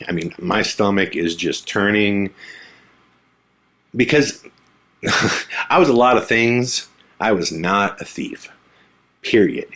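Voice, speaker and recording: A man hosting a podcast, telling a personal story in a lively way and quietly acting out the lines of the people in it. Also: on the low side, slightly rough. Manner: animated, acts out quotes in a hushed voice. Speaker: podcast host. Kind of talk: storytelling monologue.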